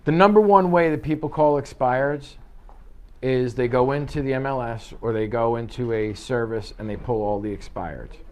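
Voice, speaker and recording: A man coaching real estate agents through cold-call scripts in an office. He talks lively and animated, slipping into quoted voices for each side of a phone call. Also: mid-range voice, normal speed. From United States. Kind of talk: office training talk.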